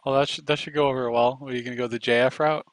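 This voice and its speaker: A man co-hosting a livestream chat, speaking in a halting, hesitant way with stammered restarts. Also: medium pitch, fairly even intonation, no echo, poor audio. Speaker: livestream co-host.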